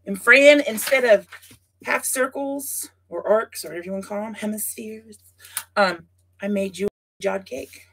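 Speaking at a normal speed in a medium, somewhat bright voice with a breathy edge, a woman hosts a casual scrapbooking livestream. She addresses viewers by name as she works, thinking aloud with plenty of asides.

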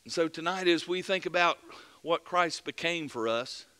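A man preaching a fervent mid-week sermon as pastor, building to loud emphatic peaks and dropping back to earnest plain talk. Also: fairly high pitch, moderate pace, smooth. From United States.

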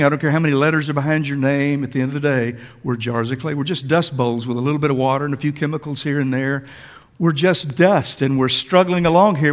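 A man preaching a sermon to a congregation in a church, emphatic and repetitive, talking straight to his listeners. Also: on the high side. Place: church sanctuary. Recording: long hall reverb.

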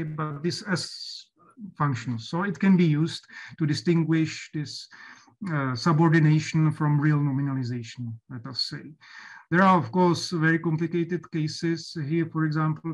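Hesitant, higher-voiced male lecturer. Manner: hesitant, many fillers and restarts. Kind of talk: academic lecture.

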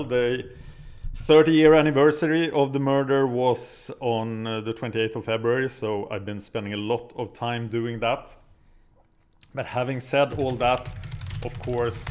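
A man giving a casual vlog update on his projects, rambling with frequent fillers and self-corrections. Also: medium pitch. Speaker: vlogger and podcaster.

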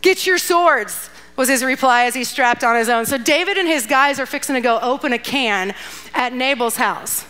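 A woman's voice: on the high side, a little fast, bright, forceful tone, clear, resonant tone. A woman giving a casual, playful sermon, retelling a Bible story with asides and acted-out lines. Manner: chatty and playful, acting out characters with asides and laughs. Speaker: guest speaker at a church youth event.

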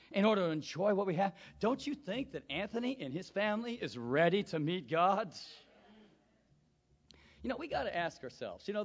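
A man preaching a sermon to a congregation, swinging from quiet asides to shouted peaks and calling for amens. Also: high-pitched, long reverb tail, highs cut off.

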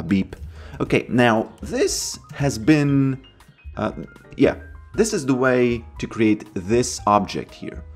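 A man talking through a software tutorial step by step, chatty and pleased with his own results. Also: mid-range voice, breathy edge. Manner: chatty, self-approving asides; put-on Russian accent in part. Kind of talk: screen-recorded software tutorial.

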